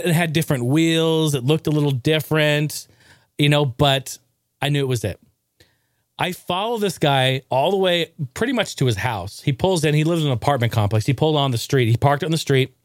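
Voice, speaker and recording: Animated rambling man telling a story. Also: a little high, no room sound, clean studio sound. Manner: rambling, animated, swears casually, many fillers and restarts. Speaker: podcast host. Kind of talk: casual storytelling monologue.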